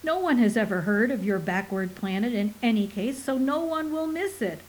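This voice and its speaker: A woman's voice: medium pitch, big pitch swings, unhurried, poor audio. A woman voicing an arrogant, callous male alien who barks orders and sneers at a rival. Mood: sneering. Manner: sneering, bossy, commanding.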